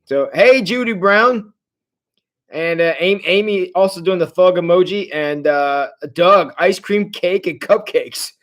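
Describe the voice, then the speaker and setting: A man leading a casual livestream Bible study as a pastor, chatty and animated, reacting to viewers' comments as he tells the story. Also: sits high, unhurried.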